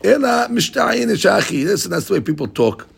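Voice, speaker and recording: Gravelly-voiced man teaching Talmud. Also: high-pitched, fairly quick. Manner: animated, explains by acting out both sides in quotes. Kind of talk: Talmud study class.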